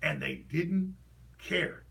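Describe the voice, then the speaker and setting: A man delivering an impassioned, ranting political monologue as a talk show host, heated and rapid with sudden bursts of shouting. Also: on the high side, vocal fry, distant mic, poor audio.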